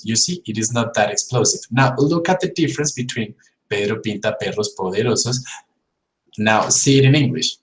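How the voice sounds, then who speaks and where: A male English teacher whose first language is Spanish runs a live-streamed pronunciation lesson in an echoey room. His voice is medium-pitched and a bit bright at a normal speed, and he repeats sounds and words to demonstrate while checking in with viewers.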